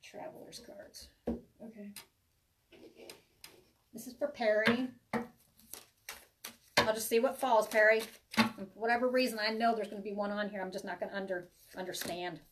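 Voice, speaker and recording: A woman's voice: mid-range voice, steady tone, normal speed, pauses often, recorded from a distance, background noise. A woman giving a live tarot reading to viewers, chatty and reassuring, rambling with many restarts. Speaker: tarot reader.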